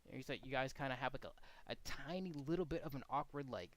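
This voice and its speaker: Speaking fast at a medium pitch, this man acts as coach to two commentators. His feedback is casual, frank and blunt, and he goes through examples, showing them the inflection commentary needs.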